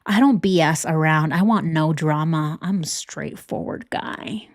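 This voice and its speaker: A woman's voice: low voice, measured pace, no room sound, studio quality. A woman mimicking a smug married man who lies while boasting that he is honest, in a sarcastic, mock-sincere way.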